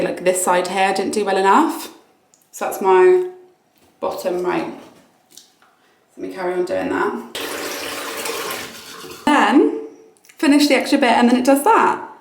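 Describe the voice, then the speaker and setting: A young British woman reviewing a product at home in a chatty, excitable way, with lots of fillers. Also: medium pitch, takes it slowly, long pauses. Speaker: vlogger. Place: home bathroom.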